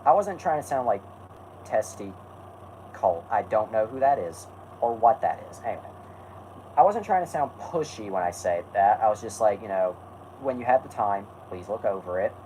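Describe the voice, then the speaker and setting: A man's voice: lowish voice, very animated, normal speed, mellow, slight background noise, rough recording. A man hosting a casual stream, rambling and correcting himself while answering chat. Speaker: host.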